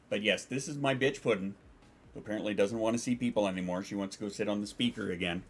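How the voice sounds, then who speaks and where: A man's voice: fairly low pitch, steady tone, brisk, fairly bright tone. A man streaming from home, chatting casually and rambling, swearing and reading out chat messages.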